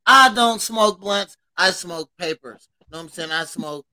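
A man co-hosting a casual comedy podcast, loud and laughing, often shouting as he reads out comments. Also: sits high, measured pace, low-quality recording. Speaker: podcast co-host.

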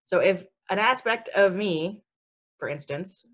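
A woman's voice: mid-range voice, expressive, unhurried. A woman talking casually about spiritual matters, chatty and sassy with lots of fillers and frequent laughter. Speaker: spiritual speaker. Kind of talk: casual podcast chat.

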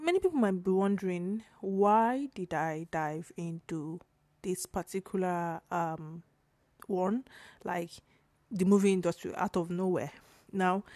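A young woman from Nigeria hosting her own podcast, slightly hoarse, talking in a rambling, chatty way with fillers and self-corrections. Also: fairly low pitch, a little mellow, no echo. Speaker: podcast host. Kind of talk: casual solo podcast talk.

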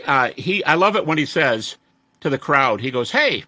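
A man being interviewed as a scholar, telling stories in a lively conversational way and mimicking the people he quotes. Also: medium pitch, moderate pace, no echo. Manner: animated, mimics the voices of students he quotes. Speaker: interview guest, resurrection scholar. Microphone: audio-only interview recording.

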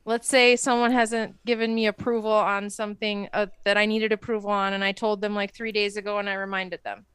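A woman's voice: medium pitch, little pitch movement, brisk, hardly any pauses, fairly bright tone, smooth, no echo. A woman co-hosting a podcast, chatty and explaining through examples in casual talk. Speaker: podcast co-host. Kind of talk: casual chat.

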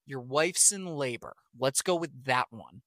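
A man co-hosting a casual podcast, his voice bright and sharp with a lively swinging pitch. He talks in an animated, sarcastic way and laughs often. The sound is close and dry. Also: a little slow, dry recording. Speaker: podcast co-host. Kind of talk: casual chat.

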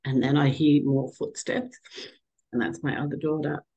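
A middle-aged woman as an interview guest, telling a personal story in a halting, emotional way with many restarts. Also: low voice, steady tone, mellow, slightly rough, rough recording.

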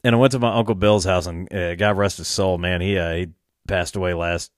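A man's voice: sits low, fairly even intonation, brisk, no room sound, clean studio sound. Rambling, laughing young man telling a story. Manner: rambling, swearing, laughing often, many fillers. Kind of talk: casual storytelling.

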